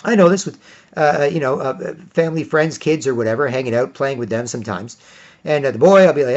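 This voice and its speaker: A man delivering a rambling monologue, often putting on high mocking voices for other people. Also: brisk. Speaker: commentator. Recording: dull lo-fi recording.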